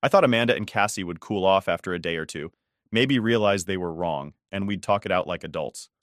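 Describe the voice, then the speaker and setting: Man narrating a story, dry and low. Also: fairly quick, fairly bright tone, dry recording. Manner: conversational, exasperated. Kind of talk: scripted first-person story narration.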